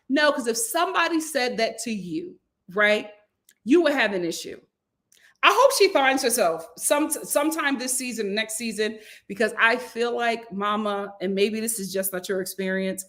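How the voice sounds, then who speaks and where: A woman's voice: fairly high pitch, moderate pace. Sassy woman reviewing reality TV. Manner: sassy, animated, colloquial. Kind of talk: casual commentary vlog.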